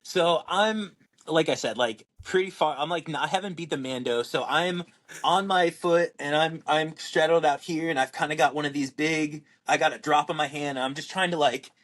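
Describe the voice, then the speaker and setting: A young man from Washington state, co-hosting a podcast and telling a lively story, acting out quotes with lots of fillers. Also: on the high side, moderate pace. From Washington state, USA. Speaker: podcast co-host and pro disc golfer. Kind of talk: casual storytelling chat.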